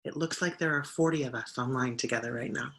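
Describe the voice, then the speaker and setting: Service host, bright and forward tone, chatty announcements over a video call. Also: medium pitch, fast, a little hiss or hum. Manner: warm thanks, loose and conversational with fillers. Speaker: minister leading the service.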